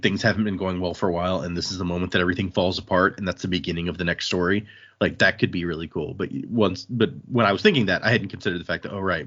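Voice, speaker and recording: A man's voice: sits low, fairly bright tone. A man hosting a casual book podcast, chatting with co-hosts and reading listener emails aloud. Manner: reads listener emails aloud, laughs often. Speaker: podcast host. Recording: muffled lo-fi podcast audio.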